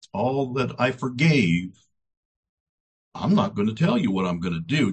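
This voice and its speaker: A man's voice: medium pitch, slightly rough. A man preaching, voicing the Lord as a stern male figure rebuking his followers in a pleading, indignant tone.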